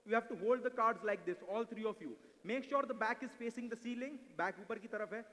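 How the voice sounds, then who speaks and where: Pushed and bright, his high voice races along as he works volunteers into a live mentalism show of card tricks. Playful and brisk, he blends English with Hindi to coax them on. Everything comes through a handheld mic in a large event hall, with long, echoing reverb.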